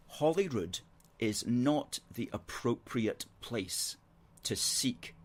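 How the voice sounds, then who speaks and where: A man hosting a political call-in show, arguing his points in a measured, earnest way and reading out viewer comments on a studio microphone. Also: fairly low pitch, breathy edge.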